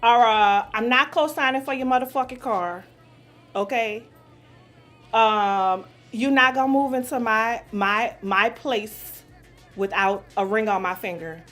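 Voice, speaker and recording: A woman's voice: a little high, measured pace, a bit bright, soft background music. A woman in her forties from New Orleans, answering questions in a blunt, profane casual chat and laughing easily. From New Orleans, USA. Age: 40s.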